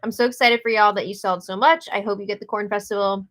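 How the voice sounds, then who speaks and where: An American woman co-hosting a casual live stream, chatty and excitable, reading out viewer comments and laughing often. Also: mid-range voice, fast talker. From United States.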